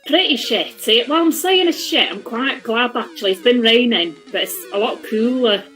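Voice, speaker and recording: A woman's voice: on the high side, animated, normal speed, a bit bright, faint music behind. A woman guesting on a game live stream, chatting bluntly and swearing casually.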